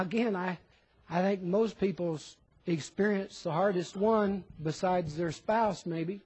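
High-voiced husky preacher man. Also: a little mellow, low-quality recording. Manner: conversational preaching, rhetorical questions, reads scripture aloud. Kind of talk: sermon.

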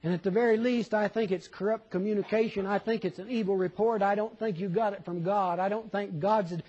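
Casting: high-pitched male preacher, sermon delivery, rhetorical questions, acts out imagined listeners. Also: fairly even intonation, fairly quick, hardly any pauses, dark tone, husky, lo-fi sound. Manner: questioning, quotes imagined listeners in shifting voices.

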